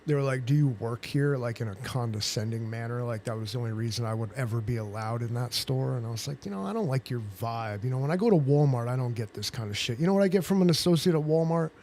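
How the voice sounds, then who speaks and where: A man's voice: medium pitch, fast talker, hardly any pauses, darkish tone, slight background noise. A man hosting a casual livestream chat, rambling and joking with plenty of swearing. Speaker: livestream host.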